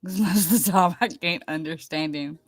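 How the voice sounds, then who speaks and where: A woman's voice: fairly low pitch, normal speed, no echo. A woman hosting a live stream, chatting casually with viewers in a rambling, chatty way. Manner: rambling, chatty, laughs easily.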